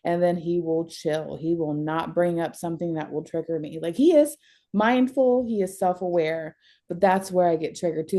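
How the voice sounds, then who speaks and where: A woman's voice: on the low side, moderate pace, warm tone. A young adult woman talking candidly as a counseling client, emotional and blunt, often breaking into laughter.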